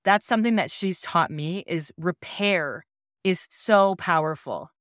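A woman in her thirties hosting a parenting podcast, telling a personal story in a gentle, earnest, reassuring way. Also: lowish voice, unhurried, no room sound, studio quality. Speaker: podcast host.

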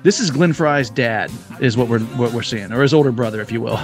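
A man co-hosting a casual movie podcast, enthusiastic and quick to hum film scores. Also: medium pitch, faint music behind. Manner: enthusiastic, hums movie themes. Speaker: podcast co-host.

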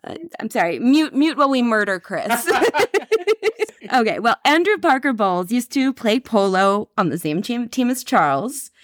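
A woman's voice: fairly high pitch, animated, normal speed, no room sound, clean studio sound. A woman co-hosting a casual podcast chat, reading out quotes with wry, playful commentary. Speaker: podcast co-host. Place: Paris.

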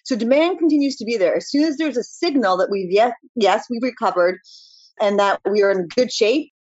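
A woman's voice: on the high side, expressive, fairly quick, darkish tone, highs cut off. A woman, a real estate executive, explaining market conditions confidently in a video call discussion. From Canada.

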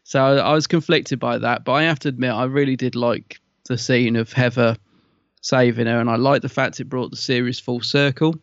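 A man chatting casually as podcast co-host, thinking aloud and often restarting his sentences. His voice sits at an ordinary pitch. The sound is dull and lo-fi, with a dry, close feel. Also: fairly even intonation, fairly quick, dry recording. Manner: hesitant, conflicted, restarts often. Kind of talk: casual review chat.

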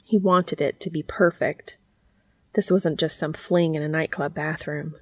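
A woman reading fiction aloud in a soft, unhurried, intimate way. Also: sits low, fairly even intonation, no echo.

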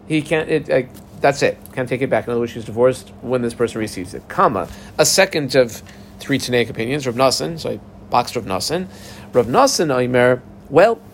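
A man teaches a Talmud class in a relaxed, lively way. He breaks into little acted-out voices for the people in the case. His voice sits in a middle pitch, a faint hiss of noise behind it. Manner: animated, acts out the parties in a dialogue. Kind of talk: casual Talmud class explanation.

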